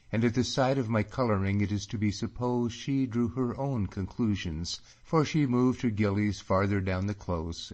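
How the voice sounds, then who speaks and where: Low-voiced male audiobook narrator. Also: a little mellow.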